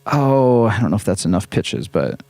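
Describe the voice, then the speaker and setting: A man's voice: lowish voice, very animated, moderate pace, dark tone. A man hosting a hands-on synth demo, talking casually in a playful, joking way with rambling asides. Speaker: host and synth musician.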